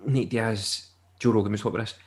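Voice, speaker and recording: A man's voice: lowish voice, fairly even intonation, fast talker, darkish tone. A man co-hosting a podcast, rambling and joking in casual chat. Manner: rambling and jokey, laughs often. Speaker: podcast co-host.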